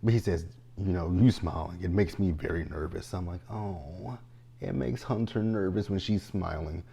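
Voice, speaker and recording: A young man giving a casual, animated recap of a TV episode, talking straight to the characters in exasperation. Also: sits low, moderate pace, vocal fry, a little hiss or hum. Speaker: TV show reviewer.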